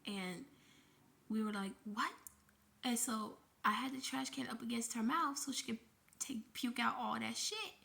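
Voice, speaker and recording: A woman's voice: a little high, a little slow, gravelly, pushed and bright. A woman vlogger telling an emotional personal story, shaken and grieving, in a breathless retelling with frequent swearing.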